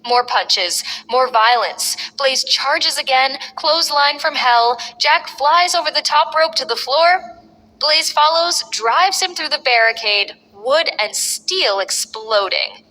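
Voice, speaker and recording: A woman's voice: sits high, expressive, slow, sharp tone. A woman narrating a violent wrestling story in short, punchy phrases. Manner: punchy, clipped fight narration. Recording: echoey long reverb.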